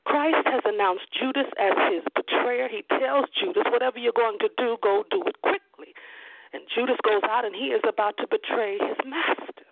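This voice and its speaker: A woman's voice: on the high side, expressive, moderate pace, creaky, no echo. Woman preaching over a tinny phone line. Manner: fervent preaching with frequent amens and hallelujahs. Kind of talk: sermon.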